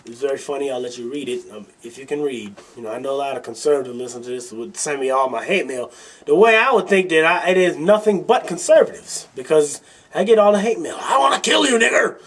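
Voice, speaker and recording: A man from Milwaukee hosting a political podcast, ranting angrily and bluntly with plenty of swearing and mockery. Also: mid-range voice. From Milwaukee, Wisconsin. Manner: angry, swearing, blunt and mocking. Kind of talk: profane political rant.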